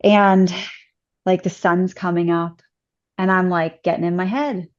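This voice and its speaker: A woman guest on a podcast, telling a personal story in a chatty, casual way, full of "like" fillers and lively acted-out quotes. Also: fairly low pitch, a little slow, lo-fi sound.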